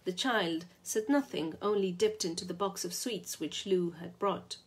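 Husky low-voiced woman reading a story. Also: measured pace. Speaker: reader.

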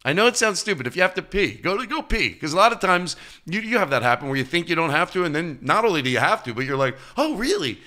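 A male comedian talking as a podcast guest, telling stories in an animated way and jumping into high, loud voices when he quotes people. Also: fast, hardly any pauses. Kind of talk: casual interview chat.

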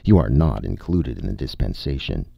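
A man's voice: rumbling low, big pitch swings, normal speed, vocal fry, husky, dry recording, heavily acted. A man voicing a cold, stern male tribal judge delivering solemn pronouncements in an audiobook. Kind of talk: audiobook character voice. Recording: dull, dry audiobook recording.

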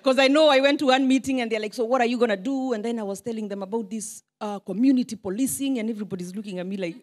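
A Kenyan woman in her forties giving an informal, self-deprecating speech to a crowd as a politician, with Swahili asides. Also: a little high. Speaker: politician addressing a diaspora meeting.

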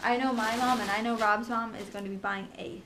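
A young woman in a casual home vlog, talking fast and chattily about her pregnancy, with lots of ums and likes. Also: fairly high pitch, fairly even intonation, noisy background. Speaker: pregnancy vlogger. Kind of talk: casual chat.

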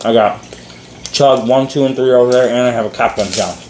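A man's voice: medium pitch, fairly even intonation, brisk, a little mellow, slight background noise. A man hosting a challenge channel, chatting casually in a laid-back, rambling way with lots of fillers. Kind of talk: casual chat. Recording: echoey room.

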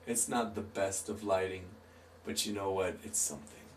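A man's voice: low-pitched, normal speed, recorded from a distance, a little hiss or hum. A man hosting a live stream, laid-back and chatty, reading out and answering chat while he draws. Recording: roomy, off-mic, faint guitar music.

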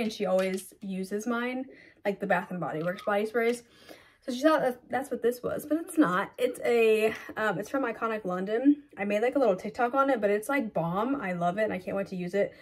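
A young woman vlogging casually, talking fast and filling with "like" and "um", filmed on a phone in her car and later on a tripod at home. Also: medium pitch, a little hiss or hum. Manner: fast, chatty, lots of "like" and "um". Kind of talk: casual vlog chat. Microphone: phone camera, then on a tripod.

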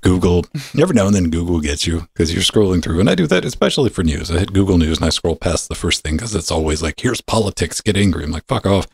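Gravelly low-voiced podcast host. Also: male voice, animated, fast, few pauses, no echo. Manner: loose, profane and rambling, with sudden pitch jumps. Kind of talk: casual podcast banter.

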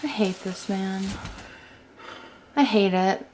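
A woman's voice: mid-range voice, takes it slowly, darkish tone, a little hiss or hum. A woman, the vlogger's partner, chatting casually in an exasperated way. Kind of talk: casual chat.

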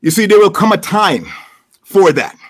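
A man's voice: high-pitched, lively intonation, normal speed. A man preaching a sermon in a church, building up with emphatic, repeated phrases. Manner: preaching with rising, emphatic repetition. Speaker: pastor.

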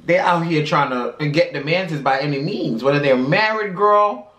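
A man's voice: fairly high pitch, normal speed, fairly bright tone, roomy sound. A man co-hosting a mukbang vlog in a sassy, casual chat, calling everyone girl and honey. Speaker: mukbang co-host.

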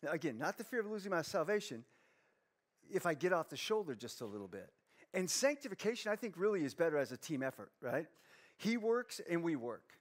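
A man's voice: on the high side, sing-song, a little fast. A man preaching a sermon as pastor, joking with himself and reading scripture aloud. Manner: playful, self-mocking, reads scripture aloud. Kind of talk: humorous sermon.

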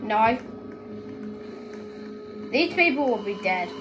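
A young woman giving excitable gaming commentary, often yelling at other players. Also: on the high side, slow pace, low-quality recording. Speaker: gaming video creator. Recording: gameplay with music behind.

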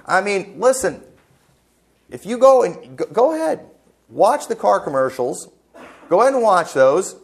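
A man's voice: sits high, big pitch swings, unhurried, vocal fry, pauses often. A man preaching a sermon as pastor, emphatic and folksy, full of rhetorical questions, in a church. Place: church sanctuary.

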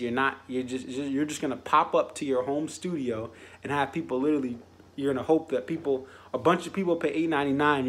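A man vlogging an exasperated opinion rant, stumbling into frequent restarts as he piles up his points. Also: fairly high pitch.

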